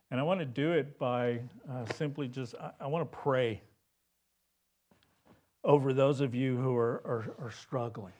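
Preaching at medium pitch, this pastor keeps his sermon conversational and keeps tossing in "right?" He alternates between booming emphasis and quiet, hushed moments.

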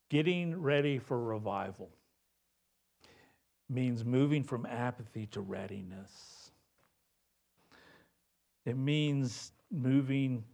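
A male pastor preaching a sermon in a conversational way, often asking "right?" and swinging between loud emphasis and hushed lines. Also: medium pitch.

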